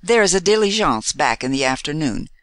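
Confident playful American man, read by an audiobook narrator; animated, close and dry. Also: medium pitch, a little fast, no echo. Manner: playful, self-assured. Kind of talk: audiobook dialogue reading.

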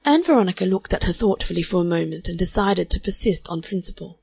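A woman narrating a classic novel in a measured, even storytelling manner. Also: on the low side, gravelly, slightly rough, no echo. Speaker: audiobook narrator.

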